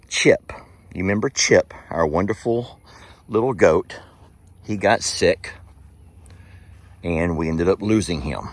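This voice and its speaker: A man talking through a rambling, reflective farm vlog outdoors, speaking straight to his viewers. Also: sits low. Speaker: farm sanctuary video creator. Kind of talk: casual vlog monologue to viewers.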